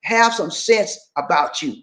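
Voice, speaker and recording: A man's voice: high-pitched, expressive, a little slow, sharp tone. Male streamer, blunt and preachy, roomy echo. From Georgia, USA. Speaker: livestream host. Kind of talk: casual livestream chat. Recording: echoey room.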